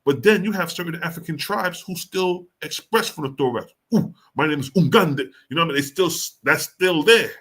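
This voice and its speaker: A man's voice: a little high, animated, a little fast, hardly any pauses, sharp tone, breathy edge. A man reading passages of scripture aloud and then explaining them in casual, slangy, emphatic talk. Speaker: scripture teacher.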